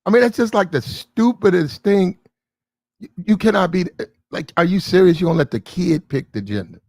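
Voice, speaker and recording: A man's voice: high-pitched, lively intonation, moderate pace, a little mellow, no echo. Man, livestream host, blunt and disbelieving, swears casually; dry, close sound. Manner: blunt, incredulous, swears freely. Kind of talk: casual commentary.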